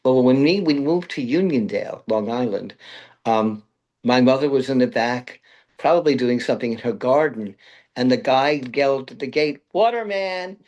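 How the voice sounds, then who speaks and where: A man's voice: medium pitch, moderate pace, darkish tone, lo-fi sound. A man from Brooklyn, a guest in an interview, telling long rambling anecdotes and laughing at his own stories. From Brooklyn, New York. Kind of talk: interview conversation.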